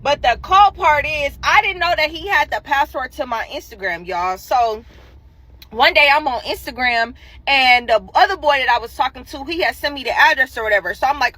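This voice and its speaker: A young woman tells a story, swinging between loud outbursts and low mimicry of other people. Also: animated, moderate pace, no echo, low-quality recording. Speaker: storyteller in a clip. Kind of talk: animated storytelling.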